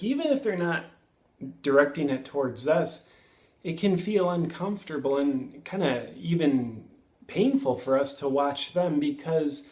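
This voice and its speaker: A man in his thirties hosting a reflective self-help monologue, earnest and musing, pausing and correcting himself as he thinks aloud. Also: a little high, roomy sound. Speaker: self-help video host.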